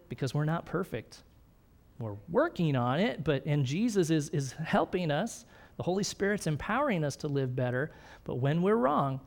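A man's voice: mid-range voice, a little mellow. Middle-aged guy preaching, chatty, keeps saying right? okay?. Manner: conversational preaching, frequent "right?" and "okay?", light laughs. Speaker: pastor. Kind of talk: sermon.

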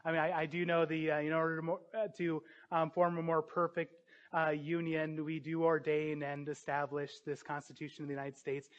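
A man preaching a sermon, earnest and emphatic, building to forceful peaks. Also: fairly high pitch, completely flat delivery, brisk, lo-fi sound.

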